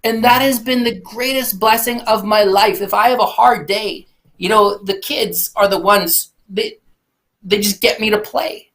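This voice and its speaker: A man's voice: sits high, unhurried, a bit bright. Earnest reflective man in his forties. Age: 40s. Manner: earnest, reflective, with frequent restarts. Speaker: podcast guest, keynote speaker. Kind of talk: candid conversational storytelling.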